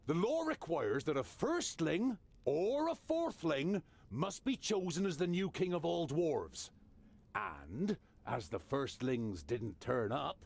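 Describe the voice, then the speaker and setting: An actor playing a jovial male dwarf warrior twin in a fantasy video game, hearty and quick to laugh. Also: fairly high pitch, sing-song, creaky, a little mellow, full character voice. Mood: explaining.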